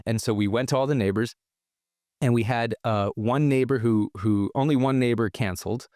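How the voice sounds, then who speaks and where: Brief: male podcast guest, lively storyteller, mid-pitch voice, dry close mic. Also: moderate pace, no room sound. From Israel. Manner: animated storyteller acting out quoted voices. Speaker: guest entrepreneur. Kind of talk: casual storytelling interview.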